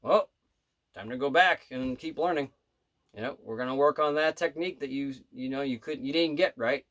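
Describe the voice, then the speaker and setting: A man who plays bass tells a story in a casual vlog from his home studio. He speaks earnestly and rambles, with many asides. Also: moderate pace, fairly bright tone. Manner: rambling and earnest, full of "you know" and "right". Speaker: bass player and manifestation coach.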